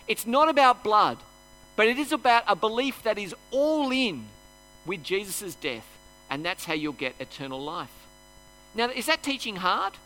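A man preaching at an evening church service, animated and putting on the voices of the crowd. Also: high-pitched, poor audio. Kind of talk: sermon.

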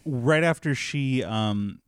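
A man co-hosting a casual movie-review podcast, rambling and excitable, laughing at himself. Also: mid-range voice, slow, smooth, no echo, clean studio sound. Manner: rambling, excitable, self-mocking, bursts of laughter. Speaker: podcast co-host.

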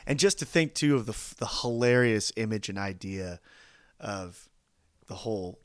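A man co-hosting a podcast in casual movie chat, enthusiastic and quick to laugh. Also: fairly low pitch, lively intonation, no echo, clean studio sound. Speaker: podcast co-host.

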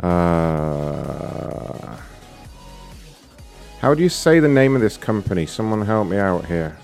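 A man's voice: deep voice, big pitch swings, slow pace, vocal fry, darkish tone, soft background music. Brash, profane prank-calling man. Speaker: prank caller. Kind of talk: prank call show banter.

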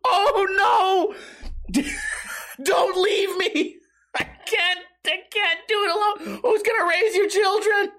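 A man's voice: very high voice, slow, pushed and bright, voice pushed up, heavily acted. A man voicing a panicked, sobbing young male friend who shrieks in melodramatic despair. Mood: hysterical.

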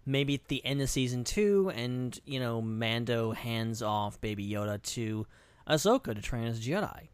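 A man's voice: mid-range voice, lively intonation, moderate pace, smooth, no room sound. A man co-hosting a podcast in casual chat, thinking aloud and qualifying his opinions. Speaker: podcast co-host.

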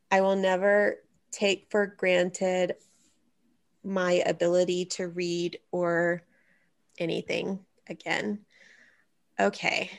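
Female podcast host, creaky voice, unhurried, teasing and wry. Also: on the low side. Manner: wry, teasing, thinks aloud while searching. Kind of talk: casual chat.

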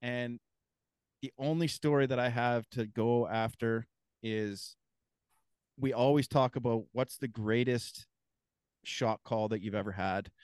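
A man's voice: medium pitch, a little slow, pauses often, a little mellow, clear, resonant tone, dry recording, clean studio sound. A man hosting a podcast, telling stories in an easygoing, casual way. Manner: easygoing, swearing storyteller. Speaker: podcast host. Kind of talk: casual chat.

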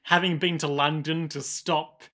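Male co-host with a bright, slightly high voice; animated, loose casual chat. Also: a little slow. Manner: animated storyteller, swears freely. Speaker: podcast co-host.

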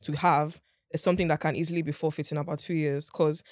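A speaker from Nigeria talks quickly in casual conversation, asking probing questions and often restarting sentences. The voice sits at a middle pitch. The recording is dry and close. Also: level tone, darkish tone, dry recording. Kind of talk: casual chat.

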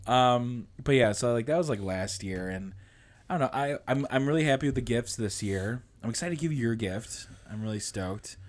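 A man's voice: medium pitch, animated, normal speed. A man co-hosting a casual podcast, telling rambling stories full of swearing and laughter. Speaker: podcast co-host.

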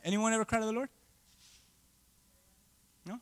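A man preaching a sermon, calling out to the congregation for responses and swinging between loud exclamations and hushed asides. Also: high voice, a little fast. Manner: animated, asks the congregation for responses.

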